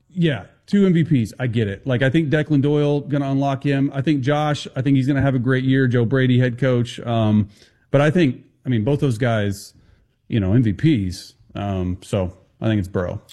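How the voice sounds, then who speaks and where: Fast-talking male football analyst. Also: mid-range voice, mellow. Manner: fast, confident and emphatic with quick restarts. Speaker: former player and football analyst guest. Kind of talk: sports talk show interview.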